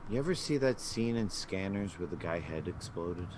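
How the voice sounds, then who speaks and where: A man's voice: sits low, expressive, normal speed, noisy background. A man on a gaming podcast panel speaking with a sore throat, making dry, wry remarks. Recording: music playing behind voices.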